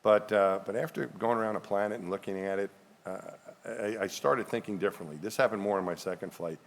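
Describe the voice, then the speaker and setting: A man's voice: fairly low pitch, quick pace, in a large hall. A man from the New area, speaking reflectively as an astronaut guest on a live panel, often repeating words as he thinks. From New York area, USA. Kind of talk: panel discussion on stage.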